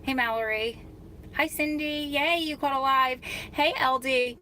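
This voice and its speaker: A woman live-streams from her parked car, talking casually and greeting viewers by name. Her voice is bright and forward, with a slightly scratchy throat. A faint hum of noise sits behind her. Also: high-pitched, unhurried. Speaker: vlogger hosting a live stream. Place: parked car in a parking lot.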